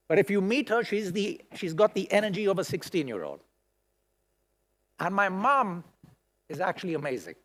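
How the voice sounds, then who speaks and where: A middle-aged man giving a conference keynote speech in a large hall, expressive and emotional, with many rhetorical questions. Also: on the high side. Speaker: keynote speaker. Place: large hall at a school event.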